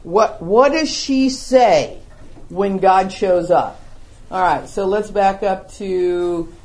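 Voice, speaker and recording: A middle-aged woman teaching a Bible study to a small group, animated and acting out the voices of the scripture. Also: medium pitch, slow pace. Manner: animated, acts out the scripture voices, laughs along.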